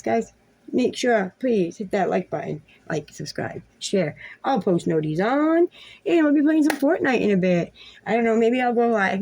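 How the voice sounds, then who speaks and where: Husky-voiced woman ranting heatedly. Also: medium pitch, darkish tone. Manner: heated, profane, confrontational, addressing an ex directly. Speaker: vlogger, mother. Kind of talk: ranting video monologue.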